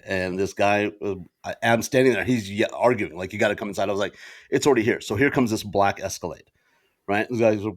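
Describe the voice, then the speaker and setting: A man's voice: fairly low pitch, fast. A middle-aged man on a podcast telling a story in a casual way, laughing often and acting out the dialogue.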